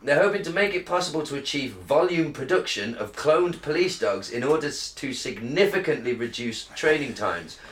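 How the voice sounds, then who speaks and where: A man's voice: mid-range voice, expressive, normal speed, few pauses. A man co-hosting a podcast, reading news aloud in a crude, joking way and slurring a little after a beer. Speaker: podcast co-host. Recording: roomy echo.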